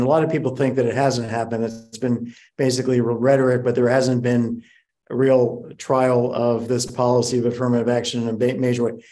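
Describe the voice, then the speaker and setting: A man from Philadelphia hosting a podcast interview, pushing back on his guest with measured hedging. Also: medium pitch, warm tone. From Philadelphia, USA. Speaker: podcast host.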